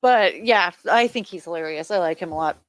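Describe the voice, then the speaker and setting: A woman's voice: fairly low pitch, fairly quick, no echo. A woman co-hosting a casual chat, telling a story with giggles and enthusiasm.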